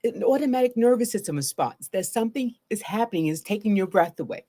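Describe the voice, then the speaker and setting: A woman's voice: mid-range voice, animated, fast talker, warm tone. A middle-aged woman therapist giving a live solo talk about trauma. She speaks earnestly and often checks in with "right?".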